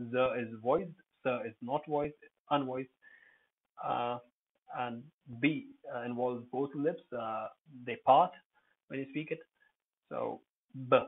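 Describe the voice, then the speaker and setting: Man, pronunciation teacher, rambling lesson, lots of pauses and fillers, mid-pitched voice, tinny phone-like sound. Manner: digressive, with many pauses and fillers.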